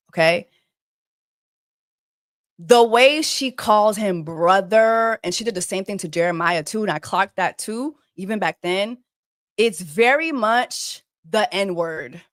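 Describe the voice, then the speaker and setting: A woman's voice: mid-range voice, no echo, studio quality. A woman hosting a casual commentary video, emphatic and profane, repeating her points. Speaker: host.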